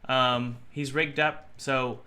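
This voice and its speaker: A young man live-streams game development, thinking aloud and chatting with his viewers as he works. His mid-range voice moves at a slow pace with fairly even intonation, and the tone is sharp and clean.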